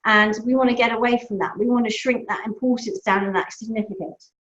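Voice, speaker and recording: Animated woman coaching. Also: on the high side, brisk. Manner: animated, storytelling with acted-out voices. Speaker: breakup coach. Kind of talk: live Q&A advice talk. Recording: echoey room, dull lo-fi sound.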